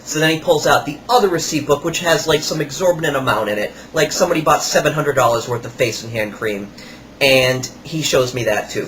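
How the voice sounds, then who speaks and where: A podcast host delivers a storytelling monologue, spinning his tale with wry sarcasm. His medium-pitched voice is a bit bright and a little fast, with slight background noise behind it.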